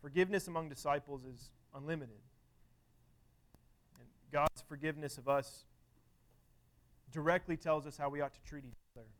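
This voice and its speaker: A man's voice: fairly high pitch, normal speed, long pauses. A man preaching a sermon in an earnest, conversational way, often restarting his phrases and using filler words.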